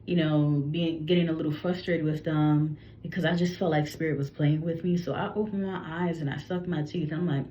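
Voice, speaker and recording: A woman's voice: deep voice, steady tone, brisk, few pauses, mellow, lo-fi sound, slight background noise. A woman psychic telling a channeled reading story in a rambling, casual way, often restarting her sentences. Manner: rambling, frequent restarts and self-corrections. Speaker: psychic reader.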